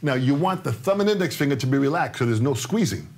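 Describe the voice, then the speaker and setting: A man's voice: medium pitch, lively intonation, fast. A man in his sixties teaching a live-streamed drum lesson, coaxing and joking as he repeats his instructions. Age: 60s.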